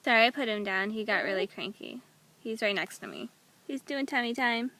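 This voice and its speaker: A woman's voice: fairly high pitch, animated, brisk, sharp tone, slight background noise. A young woman, a new mother, telling her personal story at home in a candid, emotional way, with frequent halts and restarts.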